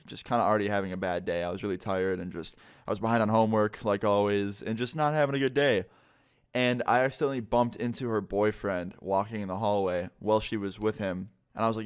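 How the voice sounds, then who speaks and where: A young man vlogger telling a casual, profane high school story time, full of "like". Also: steady tone, quick pace, clean tone.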